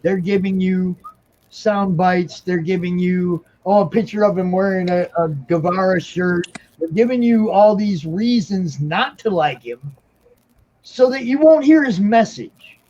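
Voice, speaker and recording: A man's voice: high voice, a little slow, darkish tone. A man in casual chat who makes his points emphatically, like a lecture, and keeps checking with "okay?". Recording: dull lo-fi sound.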